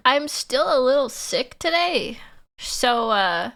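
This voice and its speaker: A bubbly young woman streamer with a high, lively voice that swings all over, bright and sharp in tone. She greets her chat with lots of giggles and exclamations, yet her delivery is unhurried and drawn out. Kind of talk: casual livestream chat, reading chat aloud.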